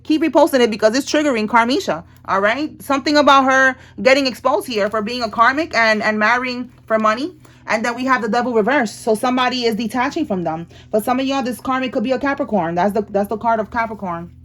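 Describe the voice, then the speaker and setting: A woman's voice: on the high side, fast talker, a bit bright. Chatty woman giving a slangy tarot reading. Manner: chatty, laughs often, slangy and blunt. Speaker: tarot reader. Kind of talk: casual tarot reading to camera.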